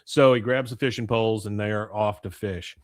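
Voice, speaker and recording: A man's voice: fairly low pitch, fairly even intonation, a little fast, dry recording, clean studio sound. A man co-hosting a podcast, casually recapping a cartoon episode scene by scene and acting out quoted lines, with plenty of "uh" fillers. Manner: storytelling, acts out quoted lines, frequent filler "uh". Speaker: podcast co-host.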